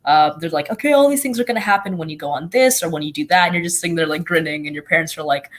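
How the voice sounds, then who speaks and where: A young guest talking about their own life on a video call, excited and chatty, with many "like"s and restarts. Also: medium pitch, racing. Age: teens or young adult. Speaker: youth guest blogger. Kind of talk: casual live-stream conversation.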